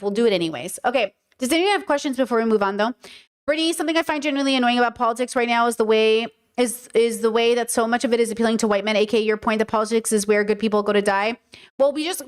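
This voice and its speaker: Woman host, livestream commentary, fairly high voice, heated and profane delivery. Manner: blunt, swears, rants heatedly; answers chat questions aloud. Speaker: streamer and podcast host.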